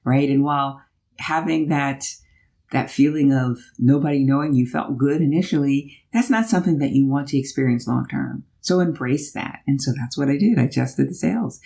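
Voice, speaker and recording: Chatty woman telling a road-trip story. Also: low voice. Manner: chatty, animated storytelling with tag questions. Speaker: vlogger. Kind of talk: storytelling while driving.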